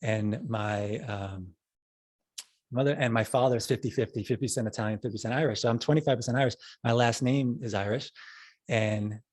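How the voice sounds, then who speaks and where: A man's voice: mid-range voice, brisk, darkish tone. Rambling New York guy, guest. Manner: rambling storyteller, frequent restarts. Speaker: podcast guest. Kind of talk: casual interview.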